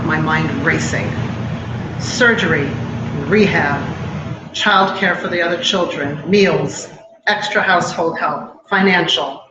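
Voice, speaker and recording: Middle-aged woman telling a grief story in an echoey hall. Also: lowish voice. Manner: measured, emotional storytelling with pauses. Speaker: speaker at a memorial event. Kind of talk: personal testimony speech. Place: live event hall. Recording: echoey hall, dull sound, noisy.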